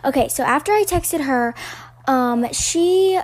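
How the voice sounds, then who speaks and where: A young woman with a high voice tells a personal story in a casual way. She hesitates often and fills gaps with ums. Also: animated, takes it slowly. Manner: hesitant, lots of fillers.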